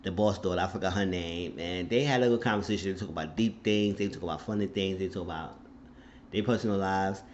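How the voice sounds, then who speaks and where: Man, low-voiced, casual TV recap vlogger, blunt and profane, muffled lo-fi sound. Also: fast talker, a little hiss or hum. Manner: outspoken, profane, indignant.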